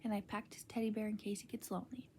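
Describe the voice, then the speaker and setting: Woman whispering as a gruff soft-hearted giant. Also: medium pitch, level tone, quick pace, natural voice. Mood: tender. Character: huge soft-hearted gamekeeper man, gruff. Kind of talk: whispered role-play.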